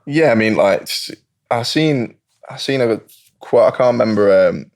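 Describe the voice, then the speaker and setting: A man's voice: mid-range voice, lively intonation, moderate pace, darkish tone. A man, chatting casually as a guest and telling laid-back stories. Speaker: guest, professional footballer. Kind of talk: casual chat.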